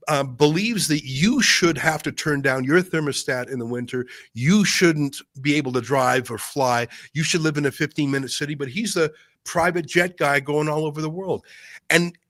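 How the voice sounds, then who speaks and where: A man from Canada, a guest commentator, explaining politics in a rapid, insistent way. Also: fairly high pitch, fairly bright tone, no room sound.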